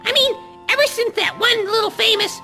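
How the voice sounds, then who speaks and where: A woman voicing a playful, childish male sock puppet who rambles and jokes mischievously, in a squeaky, gravelly voice. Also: normal speed, pushed and bright, soft background music, full character voice. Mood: rambling.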